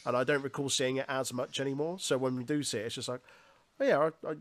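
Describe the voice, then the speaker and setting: A man's voice: medium pitch, flat delivery, quick pace, fairly bright tone. A man, co-hosting a casual chat and recapping a match in detail, loose and sweary, laughing often. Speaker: wrestling podcast co-host.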